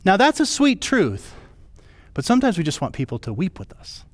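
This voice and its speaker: A man's voice: sits high, moderate pace, dry recording. Fervent male preacher, dry close sound. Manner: expressive preaching, voice rising and dropping for emphasis. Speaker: pastor. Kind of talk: sermon.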